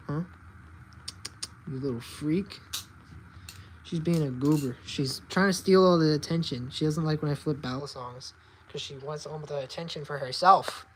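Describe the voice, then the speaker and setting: A woman's voice: deep voice, a little hiss or hum. A woman chatting casually to her cat in baby talk, cooing and meowing at it, in a vlog. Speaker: vlogger.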